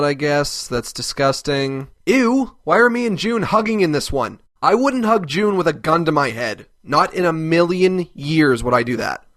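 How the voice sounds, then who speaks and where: A man's voice: medium pitch, a bit bright, no echo, clean studio sound, natural voice. A man voicing a foul-mouthed cartoon jerk. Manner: foul-mouthed, contemptuous, ranting. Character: crude, abrasive adult male cartoon host who insults everyone. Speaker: host answering fan mail. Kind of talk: animated web comedy sketch.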